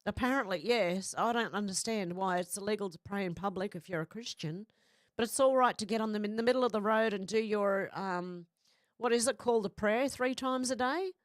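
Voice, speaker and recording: A woman's voice: mid-range voice, brisk, dry recording, clean studio sound. Woman with a cold, chatting. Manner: chatty, apologetic, reads comments aloud. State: stuffy with a cold, runny nose. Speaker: livestream host reading viewer comments. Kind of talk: casual livestream chat.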